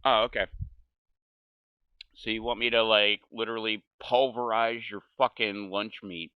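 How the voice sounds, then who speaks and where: A man's voice: lowish voice, steady tone, unhurried, clear, resonant tone, no room sound, dull audio. A man ranting casually and profanely while gaming, exasperated and swearing constantly. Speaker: gaming streamer.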